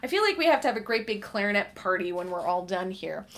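Bright-voiced woman clarinet teacher. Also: mid-range voice, very animated, fast talker. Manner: chatty, many um fillers. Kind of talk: live online Q&A advice.

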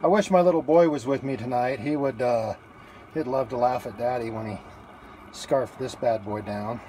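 A man's voice: mid-range voice, moderate pace, mellow, slight background noise. A man live-streaming from an outdoor barbecue grill on a phone held in one hand, chatting casually and rambling with plenty of fillers and restarts. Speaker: livestreamer taking a food challenge.

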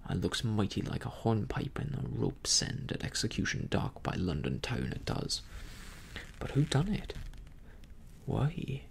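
A storyteller voicing a cunning, scornful old male pirate captain in a slow, contemptuous whispered role-play. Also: medium pitch, vocal fry, slight background noise, exaggerated voice.

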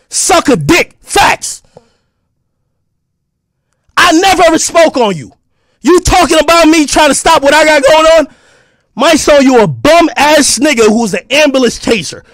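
A man streaming an angry, profane rant, confrontational and breaking into shouts. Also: very high voice, no room sound, studio quality.

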